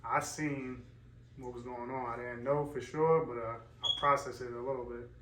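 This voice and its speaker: Flat-voiced young man, echoey room. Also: moderate pace. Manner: flat, low-key, understated. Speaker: partner. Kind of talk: casual chat. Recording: echoey room, distant mic, faint noise.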